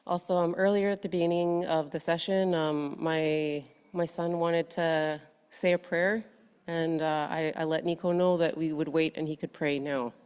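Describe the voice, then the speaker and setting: Woman, soft-spoken, hesitant, smooth low voice, reverberant hall. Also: steady tone, normal speed. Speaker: guest introducing her family. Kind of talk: short remarks at a public meeting. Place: meeting room.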